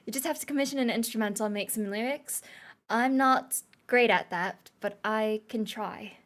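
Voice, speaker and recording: A woman's voice: fairly high pitch, moderate pace, a bit bright. A young woman streamer chatting casually with viewers and reading their messages aloud, playful and laughing often. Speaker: livestreamer.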